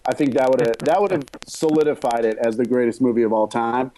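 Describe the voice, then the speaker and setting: Male podcaster, mellow tone, rambling and jokey, casual movie talk. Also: mid-range voice, brisk. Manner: rambling, self-interrupting, joking.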